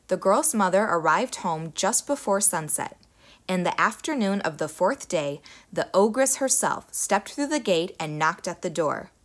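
A young woman reads a children's folktale aloud, with her voice rising and falling freely from line to line. Her delivery is expressive and animated, made for young listeners. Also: lowish voice. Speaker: storyteller. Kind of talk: children's story read aloud.

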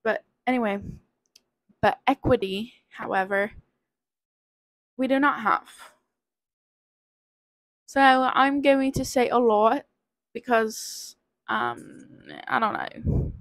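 Taking it slowly with long pauses, a nineteen-year-old woman with a fairly high voice does a quiz aloud for her casual vlog while sick with covid. She rambles, hesitates and pokes fun at herself; the audio is poor but has no echo.

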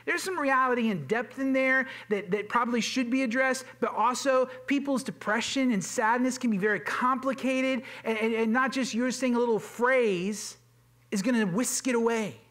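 A pastor delivers a sermon in a loose, conversational way, his voice sitting high for a man. He is earnest and informal, often doubling back on words and filling gaps with casual asides. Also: normal speed, fairly bright tone. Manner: informal and earnest, with frequent fillers and repeated words. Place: church sanctuary.

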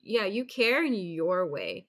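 Woman host chatting casual, lots of yeahs and laughs, mid pitch. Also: wildly swooping pitch, slow, a bit bright, no room sound, studio quality. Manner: supportive, laughs and agrees often. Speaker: podcast host. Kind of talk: casual chat.

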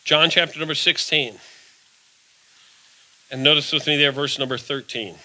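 A man's voice: fairly high pitch, steady tone, normal speed, pushed and bright, rough recording. A man preaching an evening sermon in a church, folksy, posing rhetorical questions and answering them himself. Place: church sanctuary.

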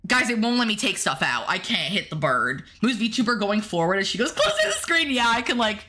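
A woman's voice: mid-range voice, wildly swooping pitch, a little fast, sharp tone, a little hiss or hum. A woman streamer playing a horror game, chatting to her viewers and yelping when startled. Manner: jumpy, talks to the chat and the game, yelps when startled. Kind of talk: casual gameplay commentary to chat.

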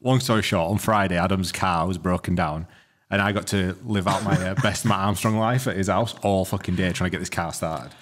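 A man, hosting a podcast and telling animated, sweary stories. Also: low-pitched. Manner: fast, swearing, animated storyteller. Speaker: podcast host. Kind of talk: casual podcast chat.

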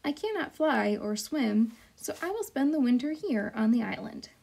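A woman voicing a polite female robot mother in a storybook read-aloud, speaking slowly and formally without contractions. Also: a little high, vocal fry, breathy edge, full character voice. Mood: calm. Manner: slow, even and formal, no contractions.

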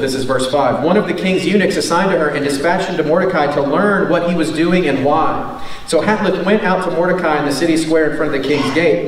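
A man's voice: on the high side, recorded from a distance. A man preaching a sermon as pastor, in a conversational way that often checks in with the listeners. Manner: conversational, tag questions "right?". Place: church hall. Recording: echoey room from off the mic.

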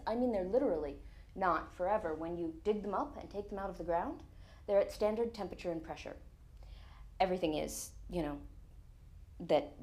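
A woman, author and guest speaker, telling lively anecdotes and explaining science plainly in an on-stage conversation at a lecture. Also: fairly low pitch. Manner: lively anecdotal storyteller, laughs often.

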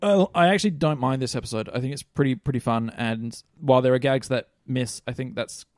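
A man's voice: mid-range voice, a little fast, a little mellow, dry recording, clean studio sound. A man with an Australian accent co-hosting a podcast, rambling and hedging as he talks. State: overheated, complaining of heat. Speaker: podcast co-host. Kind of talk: casual chat.

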